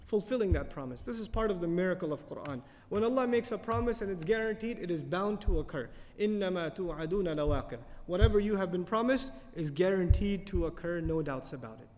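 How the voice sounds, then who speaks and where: A man giving a tafsir lecture as a Quran teacher, animated and often putting questions to his audience. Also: sits high, fast talker, hardly any pauses, long reverb tail.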